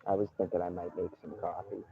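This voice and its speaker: A man's voice: low-pitched, little pitch movement, quick pace, a little hiss or hum. A man live-streaming from a campsite outdoors, talking casually and ranting with indignation and swearing freely. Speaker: livestreamer. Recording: tinny phone-like live stream.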